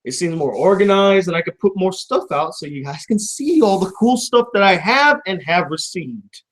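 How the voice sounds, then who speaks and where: A man's voice: high voice, lively intonation, fairly quick. A young man hosting a casual vlog, rambling, joking and swearing about his own mishaps as he reads fan mail at home. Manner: profane, joking, self-deprecating. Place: home room.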